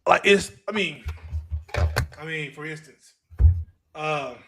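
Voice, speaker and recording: A man hosts a casual podcast, voice sitting a touch high for a man. He talks loosely and rambles, circling back and restarting his thoughts. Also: slow pace, very noisy. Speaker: podcast host.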